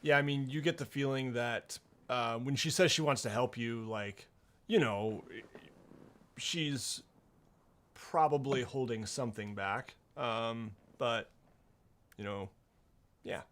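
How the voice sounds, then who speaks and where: Guy running a tabletop game, slow, lots of ums, laid back narrating. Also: medium pitch, fairly bright tone. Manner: slow, hesitant, many fillers. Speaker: game master.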